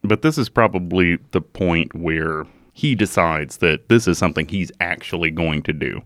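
A man co-hosting a podcast tells a true-crime story in casual conversation, animated and swearing now and then, laughing at himself. His voice sits low at a normal speed, captured in a dry, clean studio recording.

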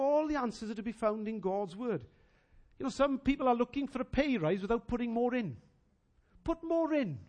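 Man, pastor, sermon, high voice, very lively pitch, emphatic preaching. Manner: animated, preacherly emphasis with anecdotes.

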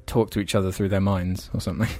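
A man's voice: low voice, level tone, fast, mellow, no room sound. A young man hosting a podcast, chatting casually with friends in jokey, rambling, crude banter. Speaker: podcast host. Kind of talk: casual chat.

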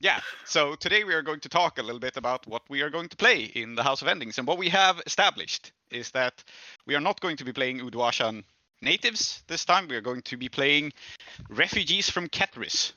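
A man setting up a tabletop role-playing game as game master on a podcast, talking haltingly with many fillers. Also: on the high side, lively intonation, sharp tone, no echo, highs cut off.

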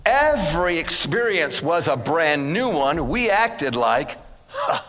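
A man preaching as a guest minister in church, animated and acting out dialogue as he tells stories. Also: on the high side, takes it slowly, big-room sound, a crowd in the background. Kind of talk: sermon with storytelling. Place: church in front of a congregation.

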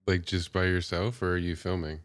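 Male co-host, low voice, dry close sound, terse and skeptical. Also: little pitch movement, fairly quick, no echo. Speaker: podcast co-host. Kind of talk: casual chat.

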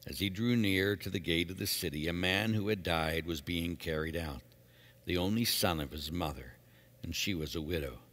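A man, a priest, giving measured liturgical readings and an earnest homily in a church. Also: low voice, fairly bright tone, big-room sound. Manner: measured, solemn reading, then earnest preaching.

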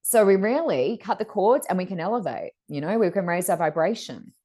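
A middle-aged woman co-hosting a podcast, telling stories in a chatty, animated way and acting out other people's lines. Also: mid-range voice, a little fast. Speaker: podcast co-host. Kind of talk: casual storytelling chat.

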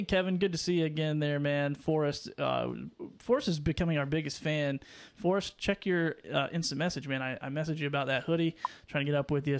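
Upbeat fishing-show co-host, fairly high voice. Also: male voice, clear, resonant tone. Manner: upbeat, loose, calls out viewers by name. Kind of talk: casual live-stream chat.

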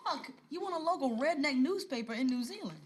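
A woman's voice: high voice, lively intonation, a little fast, background noise. A woman playing a tough, foul-mouthed gearhead in film dialogue who talks bluntly.

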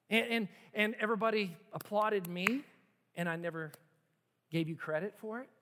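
Very high-voiced preacher in a reverberant hall. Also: male voice, steady tone, a little slow, pushed and bright. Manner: emphatic preaching with repetitions and rhetorical questions. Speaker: pastor. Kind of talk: sermon.

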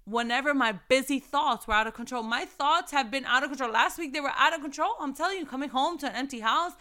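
A young woman gives a casual devotional talk with fervent, emphatic delivery. She circles back on key phrases and stresses them again and again. Her voice sits high, with a bright and smooth tone.

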